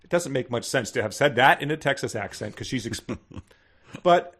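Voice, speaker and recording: A man's voice: medium pitch, expressive, moderate pace, fairly bright tone, slightly rough. A man co-hosting a podcast, recapping a children's book with a dry, sarcastic humor. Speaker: podcast co-host. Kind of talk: casual comedic book review.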